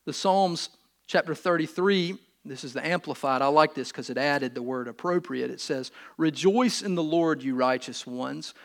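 A male pastor preaching a sermon, emphatic, repeating key words and swinging between loud stresses and quiet asides. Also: on the high side, moderate pace, gravelly.

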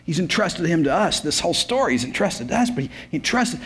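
A man's voice: fairly high pitch, sing-song, fast, hardly any pauses. A man, preaching a sermon as a pastor. He tells the story in an emphatic, repetitive way with folksy humor. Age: 50s.

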